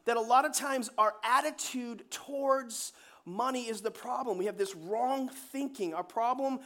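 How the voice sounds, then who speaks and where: A pastor preaching a lively sermon, repeating key phrases and asking the congregation questions. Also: male voice, very high voice, a little slow. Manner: animated storytelling, repeats key phrases, asks the room questions.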